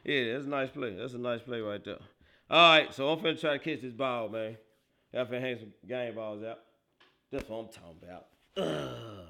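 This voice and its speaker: Man, livestream host, casual football reaction, quick to laugh, loud outbursts, bright edgy voice. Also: medium pitch. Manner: excitable, laughs often, bursts into loud outbursts, talks to chat; slangy, animated football banter.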